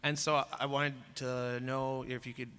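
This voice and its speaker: A man moderating a voice actor panel, upbeat and chatty, quick to laugh. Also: mid-range voice, little pitch movement, pushed and bright, clean tone. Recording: reverberant convention hall.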